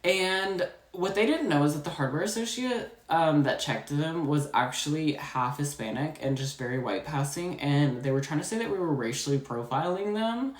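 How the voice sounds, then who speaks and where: A woman's voice: low-pitched, expressive, normal speed, few pauses, reverberant. A young woman, congested, telling a casual storytime about work with lots of likes and you-know-what-I-means. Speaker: storytime vlogger.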